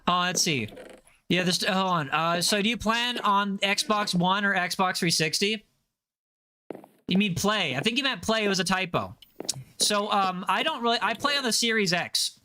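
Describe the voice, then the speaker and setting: A young man in his twenties with an American accent, chatting casually with his livestream audience, slangy and full of quick self-corrections. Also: high-pitched, pushed and bright, a little hiss or hum. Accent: General American. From United States. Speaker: livestreamer reading chat.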